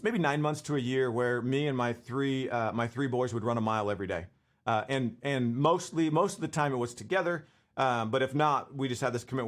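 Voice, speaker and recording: A man in his forties giving a casual leadership talk to camera, conversational and full of fillers and restarts. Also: medium pitch. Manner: conversational, full of fillers and restarts, laughs while telling stories.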